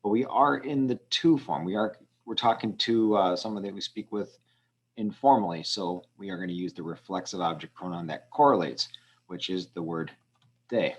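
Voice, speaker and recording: Low-voiced male teacher, relaxed walkthrough. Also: normal speed, dull audio. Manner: relaxed, many ums, explains step by step. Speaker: Spanish teacher. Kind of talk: screen walkthrough lesson.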